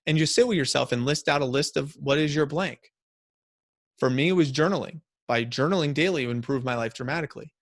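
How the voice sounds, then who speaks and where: Energetic man giving a motivational talk. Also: fairly high pitch, quick pace, dry recording, clean studio sound. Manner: energetic, repeats key phrases for emphasis. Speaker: motivational speaker. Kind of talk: motivational talk to company staff.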